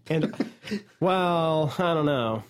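A man's voice: on the high side, lively intonation, drawn-out words. A man co-hosting a podcast in casual comedic chat, rambling and breaking into frequent laughter. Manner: giggly, rambling, laughs often. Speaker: podcast co-host.

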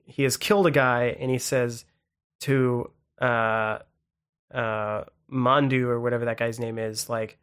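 A man in casual conversation about films, rambling with halting restarts and fillers. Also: mid-range voice, a bit bright. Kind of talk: casual movie chat.

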